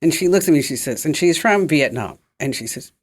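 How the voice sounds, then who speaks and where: Woman host, chatty, animated and laughing as she tells a story. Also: deep voice, brisk, slightly rough. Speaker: radio tech show host. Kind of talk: casual chat and storytelling.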